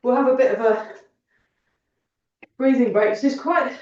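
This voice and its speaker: Breathless woman exercise teacher, cheerful and chatty, fairly high voice, recorded far off in an echoey room. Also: steady tone, moderate pace, a little mellow. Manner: cheerful, chatty, counts aloud. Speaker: fitness and tai chi instructor. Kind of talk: counting through an exercise class. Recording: roomy echo, distant mic, dull sound.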